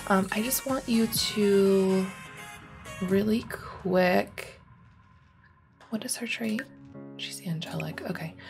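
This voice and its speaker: Young woman, gaming commentary, rambling and chatty, gravelly fry, faint music underneath. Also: mid-range voice, slow pace, pauses often, a little mellow. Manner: chatty, rambling, lots of ums and likes. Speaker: gaming YouTuber. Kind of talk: casual gameplay commentary.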